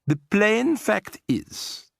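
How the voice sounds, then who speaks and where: A man voicing a prim, deliberate elderly grandmother in an audiobook. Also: high voice, very animated, gravelly, a bit bright, no echo, studio quality, pitched above the performer's own voice, full character voice. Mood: firm. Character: brisk proper elderly grandmother. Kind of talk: audiobook character voice.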